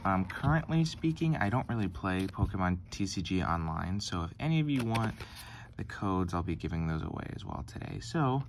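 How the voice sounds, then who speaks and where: A young man hosting a card-opening vlog, talking softly and hesitantly with lots of ums as if still sleepy. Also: low-pitched, background noise. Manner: soft-spoken and hesitant, many ums and likes, near-whispering. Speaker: card-opening channel host. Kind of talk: casual pack-opening vlog.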